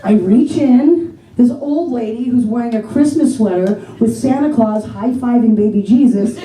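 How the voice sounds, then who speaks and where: Woman stand-up from the Pittsburgh area, chatty and self-deprecating, high voice, roomy and distant stage sound. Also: normal speed, noisy background. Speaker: stand-up comedian. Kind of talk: stand-up comedy set. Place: comedy theater stage.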